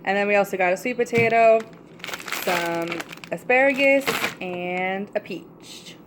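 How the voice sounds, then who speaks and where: A woman's voice: medium pitch, unhurried, noisy background. A young woman vlogging in her home kitchen, talking casually into the camera mic in a rambling way and laughing often. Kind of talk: casual chat.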